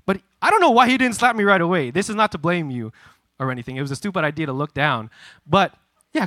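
Bright, animated young preacher, a man. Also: on the high side, brisk, no echo. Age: 20s. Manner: animated, chatty storyteller. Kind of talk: sermon storytelling.

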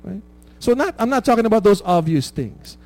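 A man delivering a relaxed, conversational sermon. His voice sits a bit high but sounds dark and mellow. He keeps checking in with his listeners and laughs easily at his own stories. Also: a little fast, poor audio. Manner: conversational preaching with frequent "right?" tags. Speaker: pastor.

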